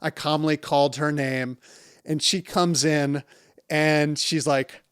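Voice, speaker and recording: A man's voice: a little high, flat delivery, takes it slowly, clear, resonant tone, no room sound, studio quality. A middle-aged man, a urologist, telling funny stories from his clinic in a casual, candid way and laughing as he goes. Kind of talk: storytelling to camera.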